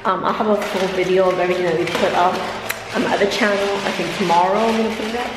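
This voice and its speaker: A woman chatting in a family vlog, excitable and laughing a lot, switching between English and Spanish. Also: mid-range voice, quick pace, roomy sound, noisy background. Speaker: family vlogger. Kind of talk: casual family chat.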